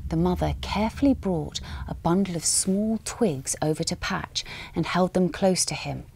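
A woman narrating a children's storytime, expressive and dramatic, dropping to a hush at tense moments. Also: on the low side, normal speed, a little hiss or hum.

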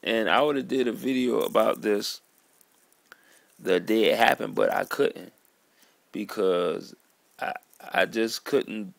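A man in an earnest, halting vlog monologue, sitting at home at his computer. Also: on the low side, creaky, dry recording. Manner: earnest, halting, repeats words and calls listener "man". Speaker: vlogger. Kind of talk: emotional monologue to camera.

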